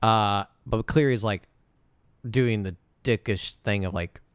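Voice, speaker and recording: A man co-hosting a casual movie review podcast, agreeable and quick to laugh as he recaps scenes. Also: lowish voice, clean tone, dry recording, studio quality. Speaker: podcast co-host.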